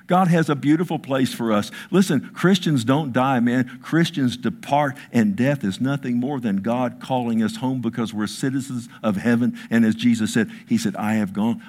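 A man preaching a sermon, telling stories with emphasis, his voice dropping hushed and then rising, with frequent asides like "listen" and "I mean.". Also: mid-range voice. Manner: storytelling, emphatic, swings between hushed and raised; repeats "listen" and "I mean" as fillers. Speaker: pastor.

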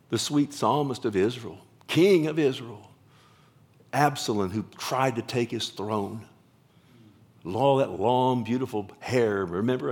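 A man preaching a sermon with passion, swinging from loud exclamations to hushed, whispered lines. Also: medium pitch. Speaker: pastor.

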